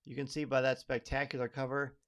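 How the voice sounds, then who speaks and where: A man's voice: mid-range voice, flat delivery, brisk. A man hosting a live podcast, upbeat and chatty, greeting viewers by name as they arrive. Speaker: podcast host.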